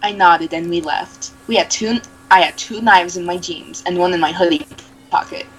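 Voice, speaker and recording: A woman's voice: lowish voice, fairly even intonation, fairly bright tone, faint music behind, poor audio. A young woman mockingly reading fanfiction aloud, giggling and adding sarcastic asides. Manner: reads slowly, breaks into giggles and sarcastic asides. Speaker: reader.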